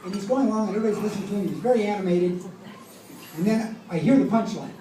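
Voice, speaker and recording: A man's voice: high-pitched, rapid-fire. A middle-aged man delivering a eulogy and telling humorous stories about his father. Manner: storytelling, humorous anecdotes. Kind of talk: eulogy speech. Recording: echoey room, distant mic, background noise.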